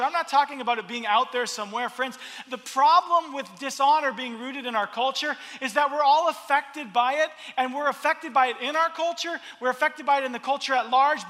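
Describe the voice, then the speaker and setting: A man preaching a sermon, expressive and repeating his words as he builds each point. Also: very high voice, long reverb tail. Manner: expressive, acts out crowd voices, repeats words. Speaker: pastor.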